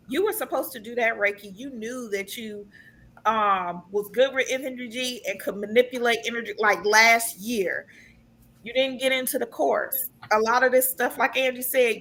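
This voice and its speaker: A woman's voice: fairly high pitch, fairly bright tone. A woman giving a casual live card reading to her sibling, chatty and earnest, with many ums and restarts. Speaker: tarot card reader.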